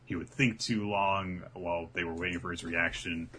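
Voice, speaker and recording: Man, podcast co-host, animated recap, low pitch, bright voice, faint hiss. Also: normal speed. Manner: animated storytelling, acts out characters' lines. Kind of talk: casual chat.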